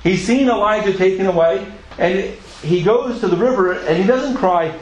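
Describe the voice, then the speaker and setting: Earnest high-voiced preacher, echoey room. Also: male voice, moderate pace. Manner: earnest, emphatic, asks the listeners questions; stumbles and repeats words mid-sentence. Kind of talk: sermon.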